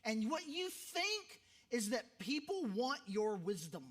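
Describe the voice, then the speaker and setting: A man voicing an angry older seminary professor who lectures and scolds his class loudly. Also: very high-pitched, very animated, takes it slowly, exaggerated voice. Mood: scolding.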